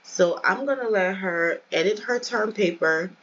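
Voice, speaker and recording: A woman's voice: mid-range voice, a little slow, fairly bright tone, dull audio. A woman hosting a let's play, giving chatty, casual commentary and addressing viewers directly.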